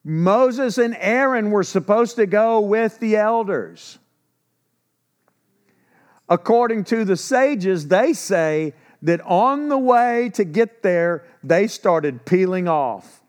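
Animated male preacher, bright voice. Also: high-pitched, slow pace. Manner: animated storytelling, acting out quotes; conversational, self-correcting. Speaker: pastor. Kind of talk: sermon.

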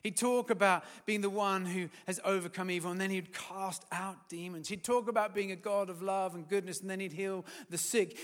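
A man preaching a sermon, building to loud, emphatic peaks and then dropping to quiet, firm words. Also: high voice, big-room sound.

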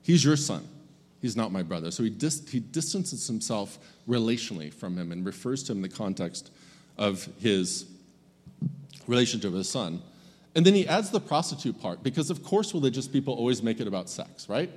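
A man's voice: mid-range voice, animated, a little fast, a little mellow, breathy edge, in a large hall. A man preaching a sermon as a pastor, speaking conversationally and acting out the characters' lines.

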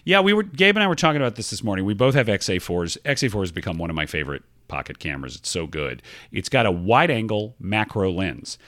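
Animated man explaining things. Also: on the low side, fast, few pauses, no room sound, clean studio sound. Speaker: podcast co-host. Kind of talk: casual chat.

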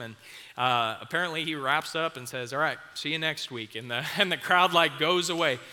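A youth pastor giving a casual, chatty sermon and acting out the scenes. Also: male voice, fairly high pitch, bright, forceful tone, long reverb tail. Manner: chatty and conversational, acts out scenes.

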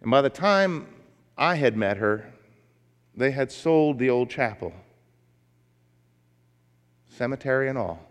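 Male pastor, sermon, emphatic, folksy storytelling, average pitch, long hall reverb. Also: expressive, slow pace, long pauses, clean tone.

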